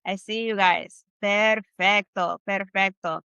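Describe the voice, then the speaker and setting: An upbeat woman leads a live online class, cheering her students on in casual, slangy talk. Her voice is quite bright and forceful and sits a little high. The sound is dry and close, with no room echo. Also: lively intonation, moderate pace, highs cut off. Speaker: Spanish teacher.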